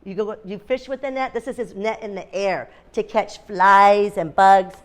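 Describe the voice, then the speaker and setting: A woman's voice: mid-range voice, fairly even intonation, normal speed, slight background noise. A woman teacher in a classroom, reading a picture book aloud to young children, asking them questions and making animal sounds. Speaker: kindergarten teacher.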